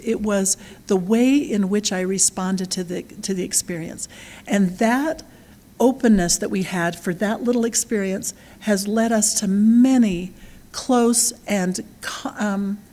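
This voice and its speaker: A woman's voice: mid-range voice, a little mellow. A middle-aged woman speaking earnestly to parents, telling personal stories in a conversational way, often checking in with "right?". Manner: earnest, storytelling, with frequent "right?" and "um". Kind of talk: conversational talk.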